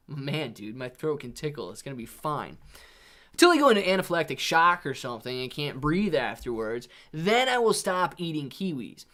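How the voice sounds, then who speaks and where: A man's voice: medium pitch, sing-song, moderate pace, pushed and bright. A man hosting a live stream, reading viewer chat aloud in a rambling, laid-back way and calling people "dude" and "man". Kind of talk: casual livestream chat.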